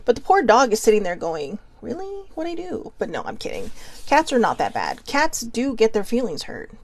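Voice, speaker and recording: A woman's voice: mid-range voice, huge pitch swings, a little fast, no echo. Goofy, chatty woman hosting a talk. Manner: goofy, chatty, laughs often. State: a little nervous. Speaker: podcast host. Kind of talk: casual self-help talk.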